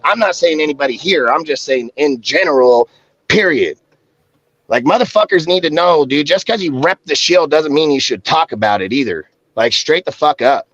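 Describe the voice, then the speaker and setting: A man's voice: high-pitched, fairly bright tone, highs cut off, slight background noise. A man hosting a sports podcast who delivers a heated, angry rant full of profanity and emphatic repetition. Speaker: podcast panel host.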